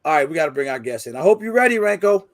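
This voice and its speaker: A man's voice: on the high side, big pitch swings, racing, dry recording. A man hosting a casual livestream chat, laid-back and joking, full of slang. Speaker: podcast host.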